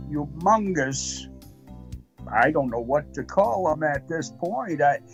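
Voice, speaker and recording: A man as the guest of a call-in show, telling a deadpan comic tall tale slowly, rambling and full of fillers. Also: on the high side, poor audio. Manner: slow, rambling, with many fillers.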